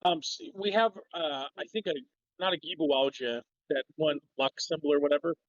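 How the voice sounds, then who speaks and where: Guest, Minnesotan man, higher voice, dull dry call audio, rambling and profane. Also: brisk, no room sound. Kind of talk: casual livestream discussion.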